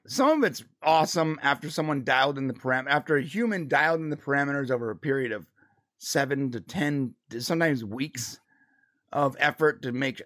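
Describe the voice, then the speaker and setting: A man co-hosting a live show, chatting casually with many restarts and laughs. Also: on the high side. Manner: animated, restarts a lot, laughs. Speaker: co-host of a live pop culture show. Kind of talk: casual chat.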